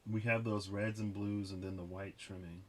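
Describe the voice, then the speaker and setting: A young man with a fairly low voice talks through a tarot spread in a casual vlog. He rambles and reflects as he goes, with plenty of "like" and "um.". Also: level tone, normal speed. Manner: rambling, reflective, lots of fillers. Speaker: tarot reader.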